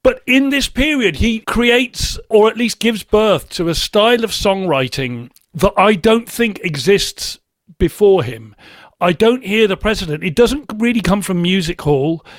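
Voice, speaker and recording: A man with a high-pitched voice talks through his ideas in a casual interview. He is enthusiastic and thoughtful, and often circles back to restart a sentence. The sound is dry and close, with no room echo. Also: expressive, unhurried. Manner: enthusiastic about music. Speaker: musician guest.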